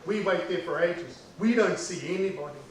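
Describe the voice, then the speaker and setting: A man from New Zealand recounts a childhood story at a moderate pace, his voice strikingly high and animated as he repeats lines for effect. He seems far from the microphone in a very echoey room, with faint hiss beneath.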